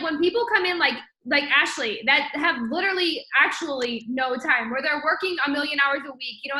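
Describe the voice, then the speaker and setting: A woman's voice: high-pitched, bright, forceful tone, roomy sound, low-quality recording. A woman hosting a casual motivational chat, encouraging and enthusiastic, with lots of fillers. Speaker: host.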